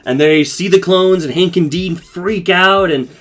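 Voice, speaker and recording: A man's voice: high voice, measured pace, fairly bright tone. A man casually recapping a cartoon episode for his podcast, talking loosely with lots of swearing and fillers. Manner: loose and profane, with frequent fillers and laughs.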